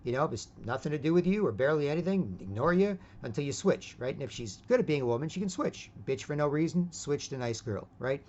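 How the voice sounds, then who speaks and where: A man delivering a rambling vlog monologue, his voice sitting a bit high for a man. He keeps tacking on 'right?' and trips over restarts. The recording is dull and lo-fi. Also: animated, fast talker, hardly any pauses, a little mellow. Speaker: vlogger.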